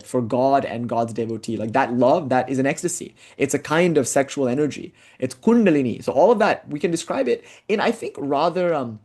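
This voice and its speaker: Fast-talking man giving a spiritual lecture. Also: mid-range voice, darkish tone. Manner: digressive storytelling, frequent "like" fillers.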